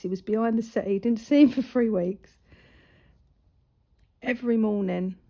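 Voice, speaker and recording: Colouring as she talks, this woman, a crafting vlogger and mother of a grown daughter, rambles casually through a story from her own life. Her mid-range voice sounds mellow and frequently sinks to a near-whisper.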